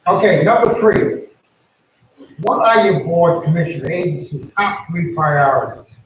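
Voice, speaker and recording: A man's voice: a little high, lively intonation, measured pace. A man on a town zoning board, reading survey questions aloud and giving his plain opinions on them. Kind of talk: casual meeting discussion. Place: town meeting room. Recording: very echoey room, distant mic, faint noise.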